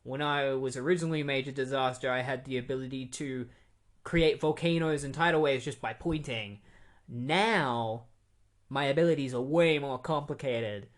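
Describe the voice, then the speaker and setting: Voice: mid-range voice, moderate pace. A comic book podcast host talks through an issue in a loose, chatty way. The delivery is amused, with frequent fillers and side remarks. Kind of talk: casual comic recap.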